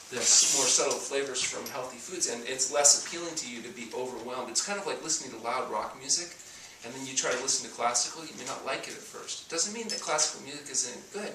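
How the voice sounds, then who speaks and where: A man's voice: mid-range voice, noisy background. A man giving a talk on health to an audience, telling stories and acting out the people in them. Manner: storytelling, acts out dialogue. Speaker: doctor giving a talk on fasting. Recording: echoey room, mic at a distance.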